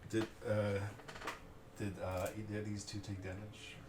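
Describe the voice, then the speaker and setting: Low-voiced man rolling dice. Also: completely flat delivery, measured pace, darkish tone, reverberant. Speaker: player. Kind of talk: tabletop game play.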